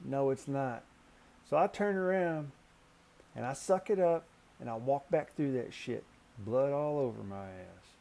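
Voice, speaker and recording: A man's voice: unhurried, gravelly. A man telling a story casually and animatedly, swearing freely, his voice jumping up when he gets worked up. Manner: profane, animated, pitch jumps when excited. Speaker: storyteller recounting a canoe trip.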